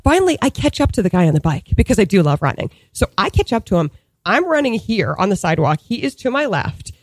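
A woman in her thirties tells a story in a loose, chatty way, leaning on fillers and breaking into laughs. Her pitch swings widely from line to line. The sound is dry and close, with no room echo. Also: fast talker. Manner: animated, heavy on "like" and "you know" fillers, laughs often. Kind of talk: casual storytelling chat.

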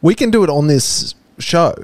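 An Australian man co-hosting a podcast, firing off quick quips and playful questions in casual banter. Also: on the high side, expressive, darkish tone, dry recording. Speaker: podcast co-host.

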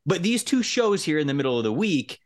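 A man hosting a casual sports podcast, upbeat and quick with asides and laughter. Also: fairly high pitch, big pitch swings. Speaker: podcast host.

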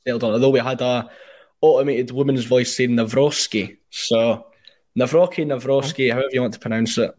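A man talks football in a measured, conversational way. His voice sits at an ordinary, middling pitch for a man. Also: flat delivery, darkish tone. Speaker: podcast guest. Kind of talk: casual football chat.

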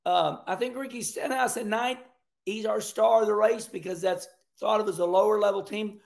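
Gravelly high-pitched chatty man. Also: normal speed. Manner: chatty, joking, animated asides. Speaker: racing commentator. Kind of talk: casual commentary vlog.

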